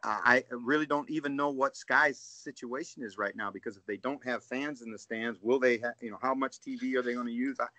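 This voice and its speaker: A man, a guest coach on a casual podcast call, telling animated stories and often asking "right?". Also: medium pitch, brisk, hardly any pauses, no echo. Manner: storytelling, animated, says "dude" and "right?".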